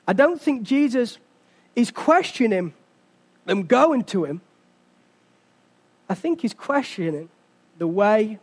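A man preaching a sermon, telling a family story with acted-out voices and lots of casual fillers before his message. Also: very high-pitched. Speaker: pastor.

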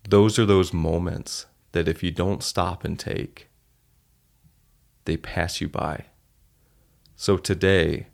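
A man's voice: sits low, vocal fry. A man hosting a solo podcast, telling stories in an earnest, heartfelt way. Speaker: podcast host.

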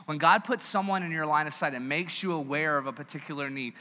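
Bright-voiced preacher man, church echo. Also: a little high, fast talker. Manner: conversational, joking, animated. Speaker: pastor. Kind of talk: sermon.

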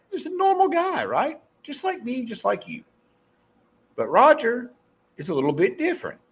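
A middle-aged man with a softened Southern US accent, hosting a podcast and giving a blunt, profane motivational pep talk that he keeps correcting mid-sentence. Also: high voice, slightly rough. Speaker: podcast host. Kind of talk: casual motivational monologue.

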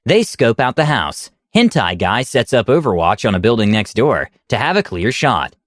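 A man reading a story aloud at a close mic, with wry, deadpan asides. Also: medium pitch, normal speed, dry recording.

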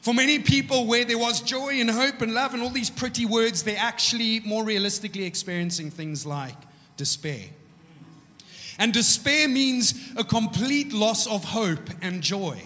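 A man preaching a sermon in a church, casual and joking, telling stories with animated energy. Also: high-pitched. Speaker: pastor. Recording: echoey church hall.

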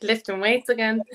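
A woman's voice: a little high, a bit bright. A woman chatting casually as a podcast guest, laughing often and acting out what people said. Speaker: fitness academy student, guest.

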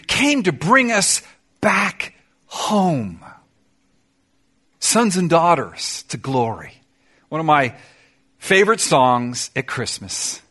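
A middle-aged man preaching a sermon in a church, emphatic, swinging between loud declarations and soft, confiding asides. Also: on the high side. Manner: sings song lyrics in snatches. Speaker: pastor.

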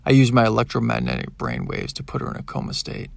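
Gravelly guy reading a sci-fi audiobook, plain steady telling, dry. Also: medium pitch, fast, no echo. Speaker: audiobook narrator. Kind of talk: first-person scripted narration.

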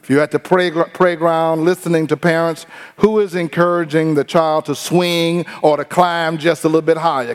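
A man preaching a sermon in a lively, humorous way, acting out other people's voices now and then. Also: fairly high pitch, moderate pace, smooth. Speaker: pastor.

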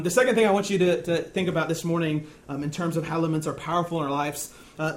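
A young man preaching a sermon in a conversational, self-deprecating storytelling way. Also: a little high.

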